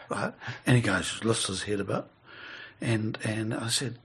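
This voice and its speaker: A man's voice: fairly low pitch, takes it slowly, creaky, fairly bright tone, breathy edge. A middle-aged man, telling a rambling story in casual conversation and chuckling as he goes.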